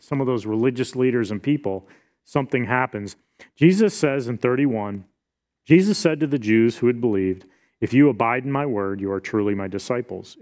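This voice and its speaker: Middle-aged male pastor, mid-pitched, earnest expository preacher. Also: a little mellow. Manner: earnest expository preaching, reading scripture aloud. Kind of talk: sermon.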